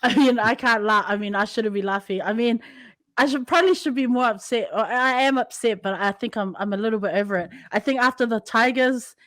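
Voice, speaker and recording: A woman's voice: fairly high pitch, a bit bright, no echo. Bubbly Kiwi woman, dry close sound. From Samoan heritage, New Zealand. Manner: bubbly, teasing, quick laughs. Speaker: podcast host. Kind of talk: casual chat.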